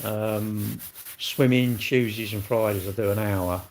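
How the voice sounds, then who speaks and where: A man's voice: on the low side, steady tone, measured pace, a little mellow, a little hiss or hum. A man hosting a casual livestream, talking to his viewers with blunt, cheeky banter and crude swearing. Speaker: livestream host reading viewer chat. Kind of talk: casual live-stream chat.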